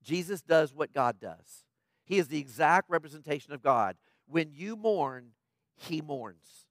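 High-voiced man preaching conversationally. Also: lively intonation, a little slow, dry recording, clean studio sound. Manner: emphatic, tags points with "right?"; plainspoken, preachy asides. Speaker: pastor. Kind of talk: conversational sermon.

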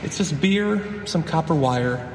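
A man slowly describing items in a video clip, dry and amused. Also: on the high side, lively intonation. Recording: distant echoey clip with noise.

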